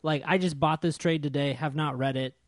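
A man telling a story in casual chat, animated and exasperated, swearing freely. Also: on the high side, a little fast, no echo.

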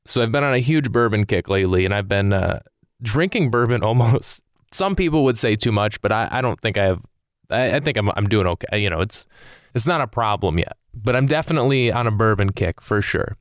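A young man delivers a loose, rambling comic rant into a close microphone, swinging between exasperation and easygoing asides. His voice is smooth and resonant, and the recording is dry with no room sound around it. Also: on the low side, animated, a little fast, no room sound. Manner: exasperated ranting, swearing, rambling. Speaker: comedian podcast host. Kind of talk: casual comedic monologue.

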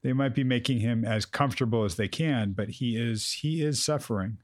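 A man's voice: medium pitch, normal speed, no echo, clean studio sound. A man guiding a grieving guest in a direct, probing and emphatic way. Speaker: host, counselor. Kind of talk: therapeutic conversation.

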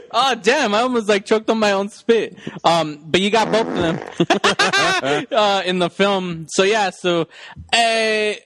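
A man hosting a podcast in casual chat, excitable and rambling, quick to act out movie lines, recorded at a radio station studio. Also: high-pitched, a little hiss or hum. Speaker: podcast host.

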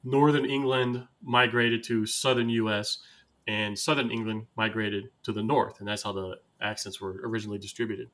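An American man hosting a casual podcast, with a low but bright, forceful tone. He rolls from one anecdote to the next and laughs readily. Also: steady tone, moderate pace. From United States. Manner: chatty, anecdotal, laughs easily. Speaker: podcast host.

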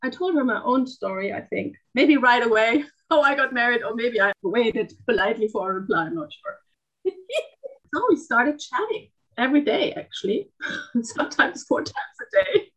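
German-accented woman, guest storyteller, lively and laughing, slightly high voice. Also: normal speed, muffled recording. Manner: animated, laughs often, exclaims. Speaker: podcast guest. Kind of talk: casual chat, storytelling.

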